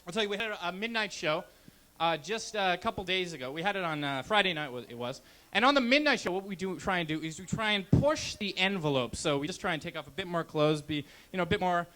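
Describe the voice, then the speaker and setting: A high-voiced young Canadian takes the club stage with a handheld mic, delivering a stand-up set that's brash and deadpan.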